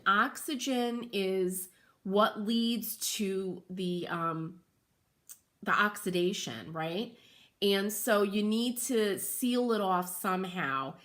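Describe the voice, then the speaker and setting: A woman hosting a craft livestream from home, chatting casually and reading viewer comments aloud, greeting people by name with sudden excited exclamations. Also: a little high.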